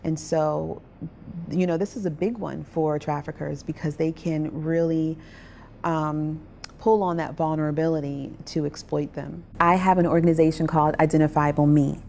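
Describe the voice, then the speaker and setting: A woman earnestly telling her own story as a survivor advocate, with restarts, over soft music. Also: low voice, fairly even intonation, moderate pace, vocal fry, slight background noise. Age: adult parent. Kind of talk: personal testimony.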